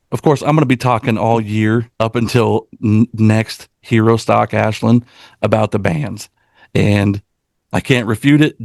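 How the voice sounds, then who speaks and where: Earnest man with a gravelly voice. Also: lowish voice, a little mellow, no room sound, clean studio sound. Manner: earnest and heartfelt, with frequent restarts. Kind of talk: casual podcast chat.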